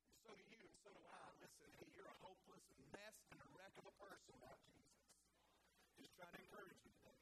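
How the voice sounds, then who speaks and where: A man with a high voice preaches a fervent church sermon, talking straight to the congregation and hammering words like "listen" until his lines swell into loud peaks. A heavy wash of background noise and stray clicks runs under the whole recording. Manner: impassioned preaching, building to loud shouted peaks, repeating "listen"; folksy, talks straight to the congregation. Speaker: pastor.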